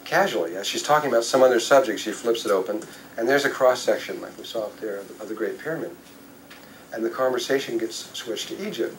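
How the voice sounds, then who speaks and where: A man's voice: fairly low pitch, slight background noise, low-quality recording. An older man, a spiritual speaker, tells a rambling anecdote to a live audience, with fillers and self-corrections along the way. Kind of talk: storytelling talk to an audience.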